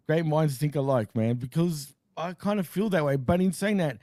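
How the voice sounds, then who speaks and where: A man's voice: fairly high pitch, moderate pace, a little mellow, no echo. An Australian man co-hosting a casual video-call chat, laughing often and bantering easily. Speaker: co-host.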